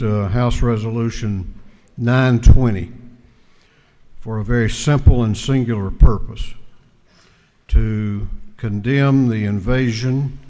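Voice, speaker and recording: A man delivers a formal speech from a podium, taking his time and leaning into measured pauses. His voice is mellow and darkish in tone. A long reverb trails each phrase through the large chamber. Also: mid-range voice. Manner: slow, deliberate oratory with pauses. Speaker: speaker of the house presenting a resolution.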